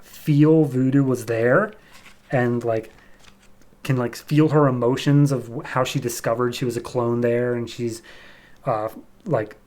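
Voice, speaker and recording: Chatty man recapping comics. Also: darkish tone. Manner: chatty, loose with lots of "like" and "um", voices quoted characters with raised pitch. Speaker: podcast host. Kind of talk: casual comic-book recap.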